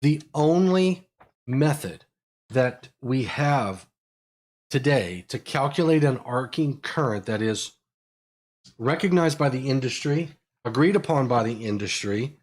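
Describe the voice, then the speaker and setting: A man from Pittsburgh with a Pittsburgh accent, hosting a live technical Q&A and explaining electrical code in quick, energetic bursts with frequent fillers. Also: medium pitch. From Pittsburgh, USA. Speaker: electrical engineering educator.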